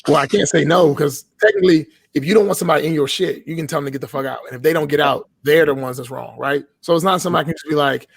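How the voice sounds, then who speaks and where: Guest spot: emphatic, profanity-heavy man, voice a bit high, close dry mic. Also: very fast, vocal fry, few pauses, breathy edge, dry recording. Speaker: podcast guest. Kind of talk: casual podcast chat.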